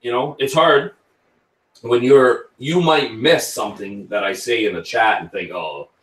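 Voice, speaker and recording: He's a whisky channel host with a medium-pitched, fairly bright voice, speaking at a measured pace as he hosts a casual live chat and reads viewer comments aloud. The recording is roomy, with him set back from a distant mic.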